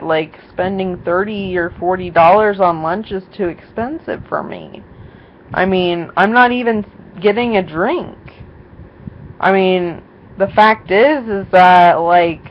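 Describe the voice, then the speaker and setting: A young woman rambles through a story to her camera, full of "um" and "like", acting out what everyone said. Her voice sits at a middle pitch and comes slowly. The recording is dull and lo-fi with a faint hiss behind it. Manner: rambling, many fillers and quoted voices. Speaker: vlogger. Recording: dull lo-fi sound with faint noise.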